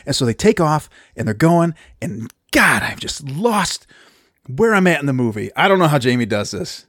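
A man's voice: mid-range voice, expressive, moderate pace, a bit bright, no echo, studio quality. A man casually recapping a movie plot on a podcast, rambling, self-deprecating and laughing often. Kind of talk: casual chat.

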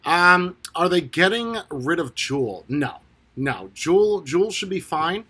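This man runs a casual livestream, reading viewers' chat comments aloud and replying, laughing often and swearing offhandedly. His voice sits on the high side and comes out slow, very animated, pushed and bright, with a breathy edge.

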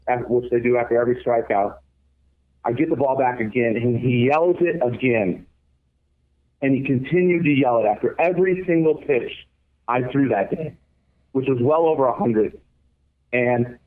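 A young man recounts his past in an earnest, reflective way, speaking as an interview guest. His voice sits at an ordinary pitch. It comes through a thin, tinny, phone-like line. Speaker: guest, former college baseball pitcher. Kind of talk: storytelling interview.

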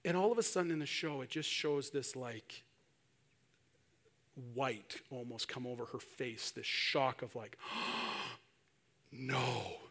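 A man's voice: mid-range voice, measured pace, fairly bright tone. A male preacher giving a sermon, telling a story animatedly and acting out the voices of the people in it.

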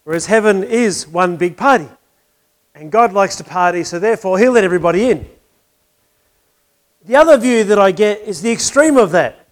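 Guy preaching casually, kinda high pitched, asks lots of questions, wry jokes. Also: animated, normal speed, long pauses. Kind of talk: sermon with a told joke.

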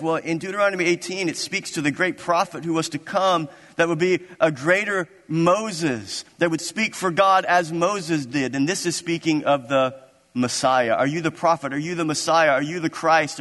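Guy preaching a sermon, gets fired up and repeats lines hard, voice a bit high, echoey big hall. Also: fairly bright tone. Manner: impassioned, rising into emphatic repeated declarations. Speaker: pastor.

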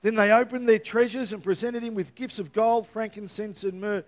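A man's voice: high-pitched, steady tone, normal speed. A man preaching a Christmas Eve sermon, earnest and repeating key words, with playful joking asides to the congregation. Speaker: pastor.

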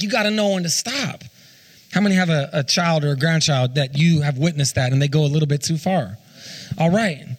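A man in his thirties preaching a sermon as a pastor, often stumbling over and repeating his words and putting questions to the congregation. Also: on the high side.

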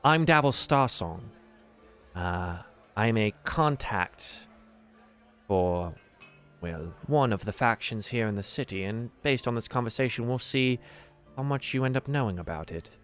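A man voicing a courteous retired male adventurer who now acts as a contact for a faction, speaking in a smooth, measured way. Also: medium pitch, expressive, fairly bright tone, soft background music.

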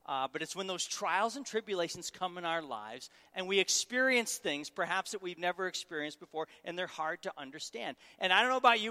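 Teasing the congregation and drawing them in with questions, a middle-aged man from Syracuse, New York, gives a humorous sermon as a guest preacher. His voice is a little high, bright and forceful, with a large hall's long reverb after every phrase.

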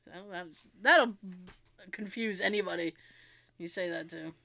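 A woman's voice: on the low side, moderate pace, bright, forceful tone. A woman hosting a show, chatting casually and reading out insults, giggling often between lines. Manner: cheerful and chatty, with frequent restarts and swearing. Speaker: show host.

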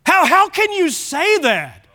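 A man preaching a sermon as pastor, driving points home with shouted emphasis and rhetorical questions. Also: very high voice, sing-song, slow pace.

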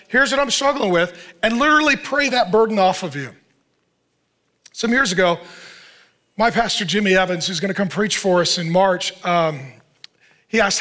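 A man's voice: very high-pitched, pushed and bright. A middle-aged male pastor preaching a sermon in a conversational way, asking the listeners questions and acting out what people say. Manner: conversational preaching with rhetorical questions and acted-out quotes.

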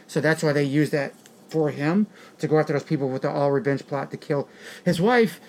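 A man's voice: fairly high pitch, a little fast, a little mellow, slight background noise. A man in a casual movie discussion, rambling with crude jokes and bursts of laughter.

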